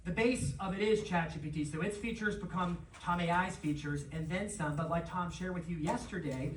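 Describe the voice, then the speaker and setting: A conference presenter giving an energetic live seminar talk to an audience, quick to call on the crowd. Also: medium pitch, a little hiss or hum. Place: large conference room, on stage. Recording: echoey hall, voice from far off, faint ambience.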